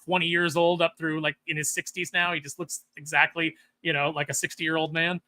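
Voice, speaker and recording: A man with a high, bright voice talks fast in a casual podcast chat. He tells stories animatedly and acts out what people said. The sound is dry and close. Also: no echo. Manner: animated storyteller, acts out quotes. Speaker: podcast host.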